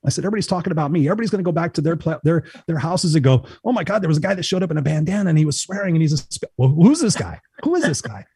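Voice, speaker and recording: A man telling a story in a casual chat, energetic, swearing freely and acting out what others said. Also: fairly high pitch, rapid-fire, hardly any pauses, slightly rough, dry recording. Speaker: motivational speaker.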